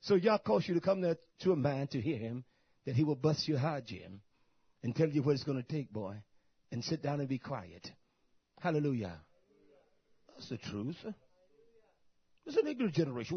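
A man preaching a sermon in an emphatic style, repeating his phrases and moving between quiet talk and loud outbursts. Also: on the high side, big pitch swings, moderate pace, long pauses, breathy edge, no echo, lo-fi sound.

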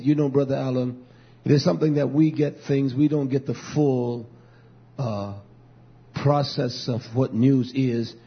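A man preaching a fiery sermon, swinging from shouting to low murmuring, with repetitive, stumbling restarts. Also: creaky, breathy edge. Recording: dull lo-fi recording.

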